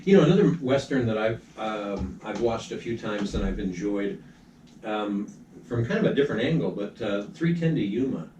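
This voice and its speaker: A man's voice: lowish voice, normal speed. Rambling man in an echoey room. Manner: rambling, relaxed, with ums and restarts. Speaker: movie talk show co-host. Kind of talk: casual chat about movies. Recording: echoey room, far from the mic, faint background noise.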